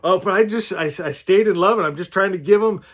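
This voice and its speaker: Brisk and high-pitched, a spiritual teacher from California, USA gives a casual yet earnest sermon. He meanders through personal anecdotes, restarting often and slipping in asides to his audience.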